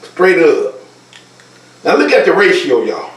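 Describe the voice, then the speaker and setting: A man's voice: sits high, huge pitch swings, unhurried, roomy sound, far from the mic, low-quality recording. A man teaching a Bible lesson from slides in an emphatic, colloquial way, speaking straight to his listeners.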